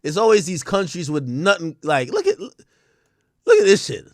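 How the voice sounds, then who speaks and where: A man hosting a livestream, riffing casually in a loose, profane way with sudden loud outbursts. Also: sits high, very animated, moderate pace, no room sound, studio quality. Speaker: livestream host.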